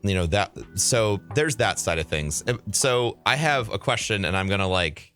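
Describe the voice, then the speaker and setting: A man's voice: lowish voice, lively intonation, moderate pace, a bit bright, soft background music. A man hosting a casual podcast chat, talking bluntly with plenty of swearing. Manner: blunt and profane, brash. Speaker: podcast host.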